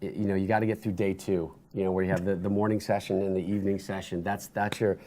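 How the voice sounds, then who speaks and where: A man talking as a guest in a studio interview, telling animated stories with lots of restarts and bursts of energy. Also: sits low, quick pace. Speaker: interview guest, sports broadcaster.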